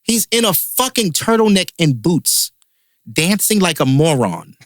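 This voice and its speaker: A man's voice: high-pitched, sing-song, unhurried, no echo, studio quality. A man hosting a podcast, a comedian ranting in heated, profane casual chat.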